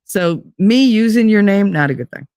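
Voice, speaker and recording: A woman's voice: mid-range voice, expressive, moderate pace, darkish tone, dry recording, clean studio sound. Giggly, rambling woman streamer. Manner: rambling, giggly, swears freely. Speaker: live streamer. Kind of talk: casual chat stream.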